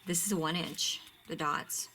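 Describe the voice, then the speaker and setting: A woman's voice: low-pitched, steady tone, moderate pace, pushed and bright, slight background noise. A woman casually showing off ribbons from her craft shop, chatty and gushing, often dropping to a near-whisper. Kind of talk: casual product show-and-tell.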